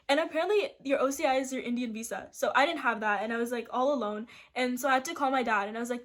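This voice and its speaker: A woman's voice: high-pitched, fast, pushed and bright. A young woman from Seattle telling a story to camera in casual storytime style, rambling with lots of "like" and restarts. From Seattle, USA. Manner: rambling, full of "like" fillers and restarts. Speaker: vlogger.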